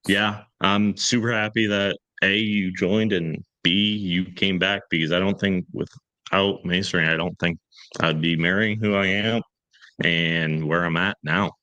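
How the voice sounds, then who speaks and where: A man's voice: low-pitched, fairly even intonation, unhurried, pushed and bright, dry recording, lo-fi sound. A man in his thirties telling a rambling, self-deprecating story in casual podcast chat and acting out the quoted lines. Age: 30s.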